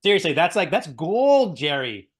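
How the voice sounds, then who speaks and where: Joking, animated man co-hosting a chat show. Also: fairly high pitch, moderate pace, slightly rough. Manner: animated, joking, laughs often. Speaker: podcast co-host. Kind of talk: casual chat.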